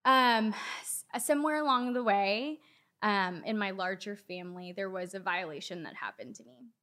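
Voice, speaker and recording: A young adult woman giving a candid personal faith testimony as a guest, earnest and halting with many fillers. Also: medium pitch, bright, forceful tone. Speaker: guest sharing her story.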